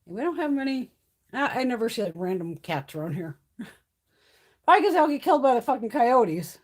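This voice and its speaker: A woman's voice: a little high, sing-song, moderate pace. A woman hosting a live stream from home, chatting casually, swearing freely and laughing often. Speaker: livestream host. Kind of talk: casual chat.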